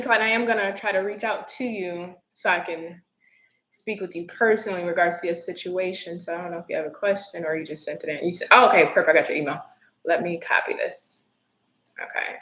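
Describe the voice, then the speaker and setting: A woman's voice: on the low side, steady tone, quick pace, pushed and bright, echoey room, low-quality recording. A woman giving a live-stream tarot reading, earnest and emotional, with apologetic asides. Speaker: tarot reader.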